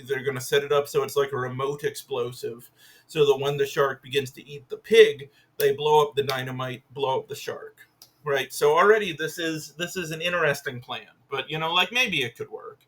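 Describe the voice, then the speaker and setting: A man's voice: medium pitch, a bit bright. A man casually reviewing a film, rambling with lots of fillers and swearing freely, amused by what he describes.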